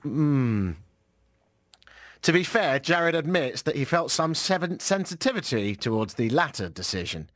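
Man, radio host, dry mocking asides, animated pitch. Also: measured pace, no room sound. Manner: dry, mocking, reads stories aloud with asides. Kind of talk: wry radio news segment.

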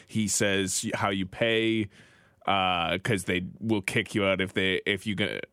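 A man's voice: low-pitched, steady tone, measured pace, sharp tone, no room sound, studio quality. A man co-hosting a podcast, answering in an easygoing, casual way. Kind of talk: casual chat.

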